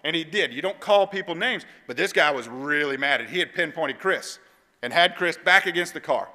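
A man giving a devotional talk in a church. He tells a story in an animated, conversational way. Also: fairly high pitch, normal speed. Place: church auditorium. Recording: long church hall reverb.

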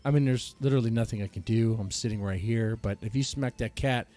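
A man's voice: on the low side, a little fast, few pauses, mellow, dry recording, soft background music. A man streaming and reacting to a video clip, commenting in a laid-back, sarcastic way.

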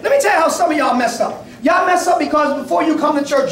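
A man in his forties preaching with a very high voice, moving between laughter and shouted peaks as he calls to his listeners. He is picked up from a distant mic in an echoey church. The congregation can be heard answering behind him. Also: fast talker, few pauses, a crowd in the background. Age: 40s. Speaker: pastor. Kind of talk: sermon. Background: congregation responding.

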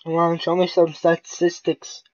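A young man giving casual gameplay commentary, goofy and swearing, with excitable outbursts. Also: on the high side, unhurried, far from the mic, dull audio.

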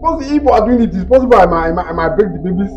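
A man's voice: sits high, lively intonation, rapid-fire, a little mellow, lo-fi sound, slight background noise. A man playing a flustered, stammering husband. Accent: Nigerian. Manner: stammering, repeats words when flustered. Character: anxious young husband, overprotective and flustered. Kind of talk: comedy skit acting.

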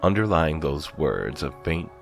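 A man with an extremely deep voice reads a horror story aloud. He is slow, grave and dramatic, and each line is carefully scripted. Faint music plays behind him. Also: very animated, creaky. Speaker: narrator.

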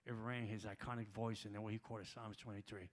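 A man preaching a sermon as a guest at a church prayer gathering, telling a story with heavy repetition and building to loud shouts. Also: on the low side, level tone, fairly quick.

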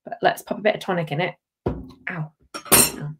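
A woman's voice: lowish voice, normal speed, very noisy. A woman hosting a live tasting stream, chatting casually, bubbly and reading out viewer comments. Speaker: livestream host.

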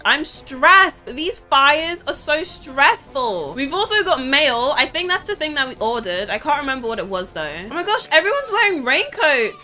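Young female game commentator, high and bright, excitable and quick to exclaim. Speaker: gaming YouTuber. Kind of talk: let's play commentary.

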